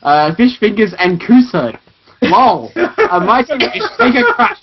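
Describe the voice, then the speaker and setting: A man's voice: sits high, wildly swooping pitch, slow pace. Aussie guy goofing around on a call, voice jumps all over, kinda muffled and hissy. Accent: Australian. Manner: goofy, joking, blurting random phrases. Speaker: podcast guest. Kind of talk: casual call chat. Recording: muffled online call with hiss.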